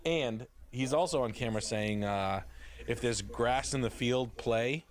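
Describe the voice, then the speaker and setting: A man's voice: mid-range voice, measured pace. A man hosting a live stream, telling crude, rambling celebrity stories in casual chat. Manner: crude rambling storytelling with animated impressions. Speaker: stream host.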